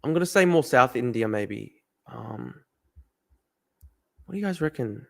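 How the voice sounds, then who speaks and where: A man streaming a guessing game, thinking aloud, swearing and getting excited. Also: mid-range voice, measured pace, creaky. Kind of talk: live-stream commentary while playing a guessing game.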